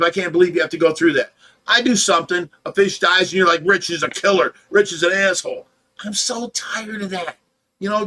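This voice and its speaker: Ohio man, fish rescue host, higher pitch, edgy and bright, tired, defensive, blunt. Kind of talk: casual livestream chat.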